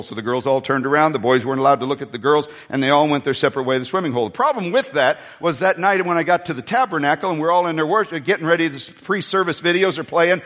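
A high-pitched male pastor delivers a sermon, wandering into side stories before returning to call-and-response with the congregation. His voice carries a long reverb, as in a large church auditorium. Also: fast talker, hardly any pauses, fairly bright tone. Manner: rambling, storytelling asides, call-and-response with the congregation.

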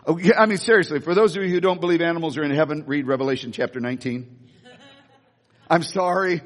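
A male pastor giving a lively sermon, telling stories and joking with the congregation. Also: a little high, fast talker. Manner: animated storytelling with audience asides. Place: church hall. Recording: hall reverb.

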